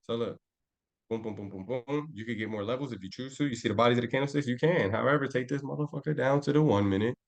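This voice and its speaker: A man's voice: mid-range voice, quick pace. Brash young male trading coach, street slang, profane, bragging, everyday mid-range voice. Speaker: trading instructor. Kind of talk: live trading class.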